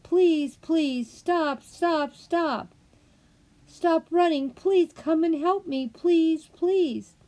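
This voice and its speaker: A woman voicing a frightened, lost young girl who pleads for help, high and tearful. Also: takes it slowly, warm tone, natural voice, poor audio. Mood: pleading.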